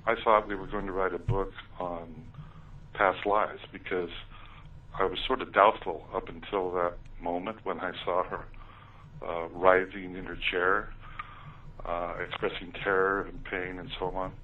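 A man's voice: low-pitched, steady tone, unhurried, distant mic, narrow, tinny audio, a little hiss or hum. A man telling his story in an interview, talking hesitantly with many ums and uhs. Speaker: author recounting his experiences.

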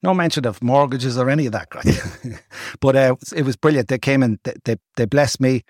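This older Irish man talks with a husky, slightly breathy edge, spinning enthusiastic yarns in loose conversation. The sound is dry and close, with next to no room around him. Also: mid-range voice, moderate pace, dry recording. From Ireland. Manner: animated, laughing storyteller with broad enthusiasm. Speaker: podcast guest recounting travels. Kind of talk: casual storytelling chat.

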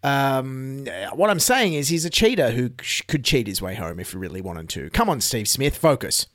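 A man's voice: medium pitch, expressive, normal speed, a bit bright, no room sound, clean studio sound. Sarcastic Australian man hosting comedy news. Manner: sarcastic, wry asides. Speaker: comedy news podcast host. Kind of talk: satirical news commentary.

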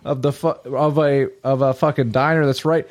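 A man's voice: mid-range voice, steady tone, normal speed. A young man in casual podcast chat, describing a place with lots of swearing and emphasis. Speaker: podcast co-host.

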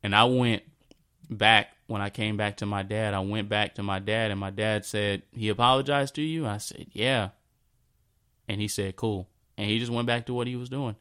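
Man in his thirties, personal storytelling, low voice, smooth and clear tone, halting and repetitive delivery. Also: level tone. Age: 30s. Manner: halting, repeats himself, drifts into a soft low voice.

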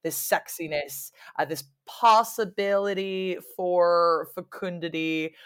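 A woman speaking as a guest historian in a casual podcast conversation, animated and wry, laughing often and mimicking voices when she quotes people. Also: fairly low pitch, takes it slowly, clean tone.

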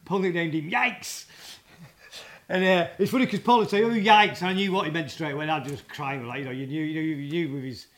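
A man, a guest drummer telling rambling, halting anecdotes in a casual interview. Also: on the high side, fairly bright tone. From England.

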